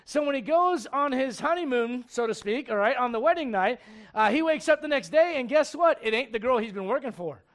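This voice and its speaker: A man preaches with lively, chatty storytelling, acting out the characters' lines and tossing questions to his congregation. His voice sits quite high for a man. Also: fairly quick, hardly any pauses. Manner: animated storytelling, acts out characters, asks the crowd questions. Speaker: pastor. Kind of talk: sermon.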